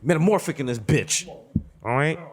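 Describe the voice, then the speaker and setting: A man's voice: fairly high pitch, expressive, normal speed. A man, co-hosting a comedy podcast with dry, wisecracking banter. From the Bronx, New York. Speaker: podcast co-host.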